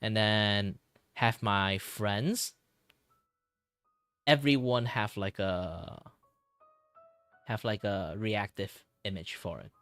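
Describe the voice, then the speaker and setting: A man's voice: on the low side, slow, pauses often, a bit bright, clear, resonant tone, dry recording, soft background music. A man streamer and artist in casual chat, rambling with lots of fillers.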